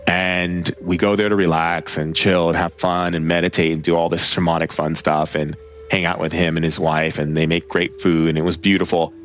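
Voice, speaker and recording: A man's voice: deep voice, little pitch movement, moderate pace. A man telling stories in a casual, rambling way, full of filler words, as a spiritual teacher. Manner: rambling, filler-heavy, conversational. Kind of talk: casual storytelling talk.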